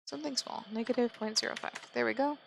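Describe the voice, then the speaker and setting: A woman calmly talking through a software modeling tutorial step by step, thinking aloud as she works. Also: a little high, quick pace, creaky, slight background noise, rough recording. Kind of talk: screen-recorded software tutorial narration.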